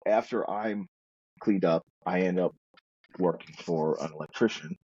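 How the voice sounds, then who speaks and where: A man with a deep, darkish voice and a breathy edge tells his story as a guest in a recovery talk, speaking at a measured pace. He is earnest and rambling and often restarts his sentences, and the sound is lo-fi.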